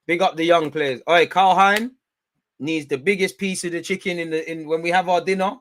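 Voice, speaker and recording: A young man with a London accent, chatting casually on a football watch-along stream in heavy slang, swinging between loud hype and low mutters. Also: steady tone, normal speed, slight background noise. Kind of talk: casual live-stream chat.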